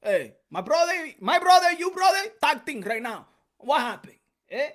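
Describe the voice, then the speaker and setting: A man putting on a brash, boastful Dominican male boxer persona, with a Dominican Spanish accent and loud, profane trash talk in broken English. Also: very high voice, very animated, normal speed, voice pushed up, full character voice. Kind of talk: mock fight promo.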